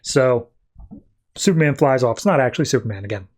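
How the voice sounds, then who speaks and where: Casual podcast host retelling comics. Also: male voice, medium pitch, lively intonation, a little mellow. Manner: loose storytelling full of "like" and quick restarts. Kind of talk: casual comic-book recap.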